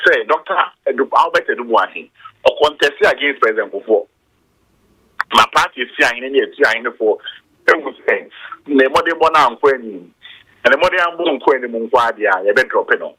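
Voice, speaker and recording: A man calling into a talk show over the phone, speaking haltingly and rambling. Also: medium pitch, animated, bright, forceful tone, slightly rough. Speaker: caller. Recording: phone line.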